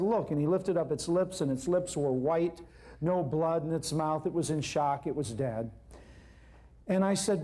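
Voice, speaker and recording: A man telling an animated story to an audience, acting out the people in it as he goes. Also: high-pitched. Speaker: herbal healer telling a story on stage. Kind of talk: storytelling lecture.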